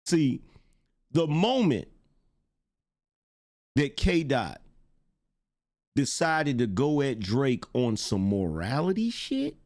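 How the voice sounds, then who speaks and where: Slow, emphatic middle-aged male commentator. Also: medium pitch, sing-song, a little mellow. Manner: slow, emphatic, repeats lines for effect. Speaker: host. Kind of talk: reaction commentary.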